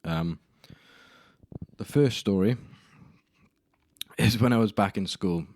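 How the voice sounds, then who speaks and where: A man's voice: on the low side, slow, darkish tone, slight background noise. A young man hosting a solo podcast, telling embarrassing stories in a rambling, self-deprecating way with casual swearing. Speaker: podcast host. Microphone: camera mic in a room.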